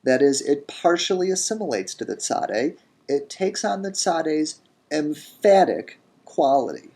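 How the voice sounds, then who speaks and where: A man teaching a grammar lesson in a recorded lecture, deliberate, saying each word form slowly and repeating it. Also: on the high side, sing-song, warm tone, breathy edge. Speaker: language teacher.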